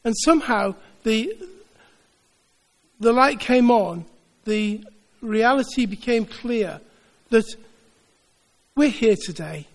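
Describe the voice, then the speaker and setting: A man's voice: sits high, expressive, slow, pauses often, long reverb tail. A man preaching a sermon, earnest, building his points with repeated phrases. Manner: earnest, repetitive rhetorical build-ups. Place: church.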